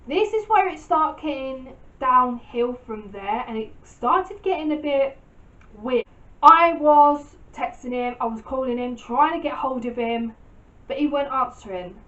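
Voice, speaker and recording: Woman in her twenties, blunt and animated storyteller; high-pitched, dull lo-fi sound. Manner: animated, blunt, re-enacting quoted arguments. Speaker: vlogger. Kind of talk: emotional storytime narration.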